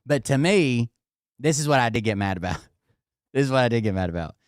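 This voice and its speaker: A man telling a story casually, animated and swearing often. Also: mid-range voice, a little fast, clear, resonant tone, no echo, studio quality. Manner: animated and heavily profane, with laughter. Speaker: vlogger telling a home story.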